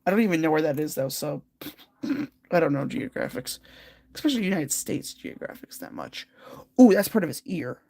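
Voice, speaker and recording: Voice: mid-range voice, very animated, normal speed, a little mellow, dry recording. A livestream host chatting casually with viewers while doing a jigsaw puzzle, rambling and giggling.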